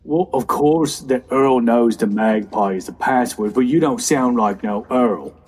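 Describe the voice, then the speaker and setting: A man voicing a rough male street gang thug who talks in slang. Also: mid-range voice, measured pace, a little mellow. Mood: suspicious.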